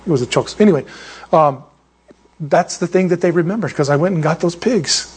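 A man preaching a sermon as a pastor, telling stories in an animated, joking way and laughing at his own asides. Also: a little high, fairly quick, breathy edge. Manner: animated, jokey storytelling with laughs.

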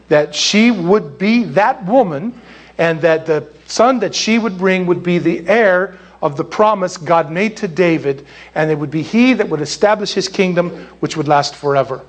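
A man preaching a sermon in an animated, jokey way, with acted asides. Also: high-pitched. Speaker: pastor.

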